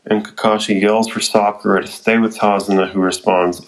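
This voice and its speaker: A man with a lowish voice gives a casual recap of an anime episode, full of fillers and excited asides. He swears freely and keeps the tone loose and chatty. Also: moderate pace, poor audio.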